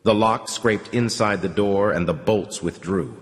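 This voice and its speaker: A man reading an audiobook in measured, somber scripted narration. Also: fairly low pitch. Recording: long reverb.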